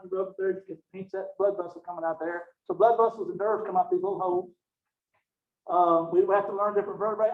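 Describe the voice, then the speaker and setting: A high-voiced man races through a biology lecture in a folksy, joking way, calling out to the class. He is heard from a distance in an echoey classroom, over a thin, phone-like recording. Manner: folksy, joking, talks to students with y'all and okay. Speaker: college biology instructor.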